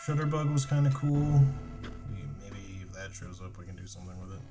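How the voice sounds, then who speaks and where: A man's voice: low voice, animated, a little fast. A young man casually commenting on his gameplay, chatty, laughing often and swearing, over game music. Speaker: game streamer.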